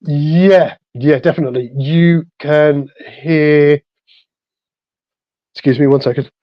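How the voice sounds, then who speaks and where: A man narrating as the storyteller of a tabletop game, relaxed and full of fillers. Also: a little high, slow, dry recording. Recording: dull lo-fi sound.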